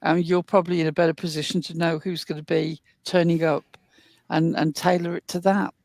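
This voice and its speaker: A woman's voice: fairly low pitch, level tone, fairly quick, darkish tone, no echo. A woman from the north of England with a Northern English accent, chatting on a livestream in a wry, articulate way and laughing at herself. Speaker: show regular. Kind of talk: casual livestream chat.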